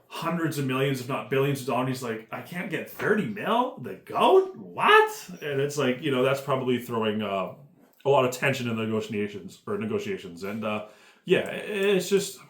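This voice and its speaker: A man's voice: mid-range voice, reverberant. A man giving a casual, profane commentary rant, rambling and full of fillers. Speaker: MMA commentary YouTuber.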